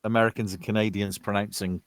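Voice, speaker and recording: A British man in his fifties, originally from Wales, talking in a loose, rambling way over voice chat. His voice sits fairly low and sounds dry and close, with no room sound around it. He drifts between stories and asides. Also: flat delivery, fast, clear, resonant tone, no echo. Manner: rambling, chatty, laughs while telling stories. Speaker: soldier chatting with gaming friends. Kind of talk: casual voice chat.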